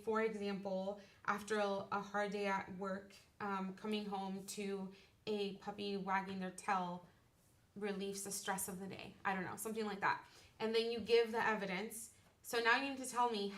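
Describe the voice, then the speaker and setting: A woman teacher gives a step-by-step lecture and keeps checking in with her students. Her voice sits at a middle pitch. She sounds distant from the mic, in an echoey classroom. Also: a bit bright. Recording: roomy, distant classroom recording.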